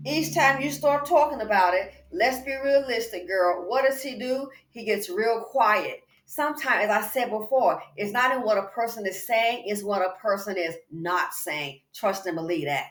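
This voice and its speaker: A woman hosting a commentary channel chats in an animated, emphatic way, calling the viewer "girl" and "baby" while exercising indoors. Her mid-range voice moves at a moderate pace with few pauses, recorded in an echoey room.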